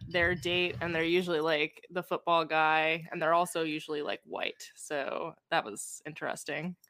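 Female podcast guest, low bright voice, dry close sound, laid-back chat. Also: level tone, normal speed, no room sound. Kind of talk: casual chat.

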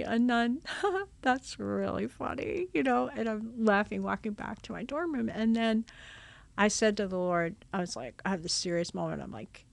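A religious sister telling her vocation story in a casual, animated way, acting out old conversations. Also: medium pitch, gravelly, dry recording. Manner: animated, acts out her own past dialogue with laughs.

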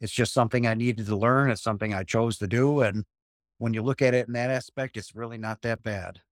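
A man's voice: medium pitch, fairly even intonation, a little fast, no echo, studio quality. A man in his fifties, a guest talking earnestly about spiritual experiences and repeating phrases for emphasis. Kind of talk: spiritual interview talk.

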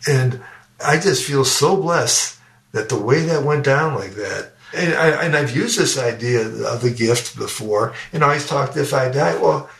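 An older man with a gravelly, fairly bright mid-range voice speaks unhurriedly as a guest educator and speaker on a podcast. He earnestly tells a personal story, often repeating his words. The sound is roomy, with him distant from the mic.

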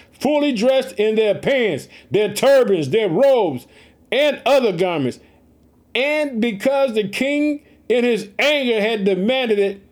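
A man preaching an energetic sermon, retelling a scripture story with exclamatory asides and repeated catchphrases. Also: high-pitched.

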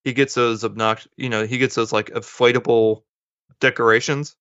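A man's voice: mid-range voice, little pitch movement, moderate pace, fairly bright tone, clear, resonant tone, no room sound. A man co-hosting a podcast, casually retelling a movie plot and acting out the characters' lines in passing. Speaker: podcast co-host. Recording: dull lo-fi dry sound.

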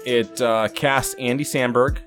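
A man co-hosting a casual podcast chat, relaxed and chuckling. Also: medium pitch, a little slow, music in the background. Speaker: podcast co-host.

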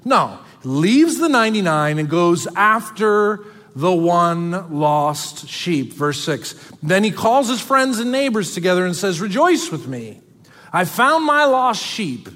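A man preaching a sermon as pastor, earnest and dramatic, dropping suddenly soft for emphasis. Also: sits high, sing-song, a little slow, long reverb tail.

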